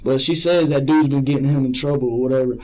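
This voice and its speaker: A man speaks in a police interview room. His voice is mellow and low-key. He rambles, hesitates and circles back over his own words. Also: steady tone, fast, low-quality recording. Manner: rambling, hesitant, repeats himself.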